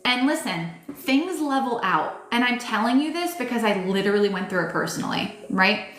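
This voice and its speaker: Bright and expressive, this woman's fairly high voice moves at a moderate pace as she reads tarot live. Her talk to viewers is casual and emphatic, peppered with fillers, restarts, and occasional cursing, while faint music plays under a roomy echo.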